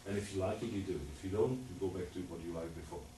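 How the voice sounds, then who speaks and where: A man's voice: low-pitched, very fast, dark tone, distant mic, a little hiss or hum. A man coaching a string quartet in a master class, singing out rhythms and repeating his instructions. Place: rehearsal room with musicians. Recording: roomy, from afar, music playing.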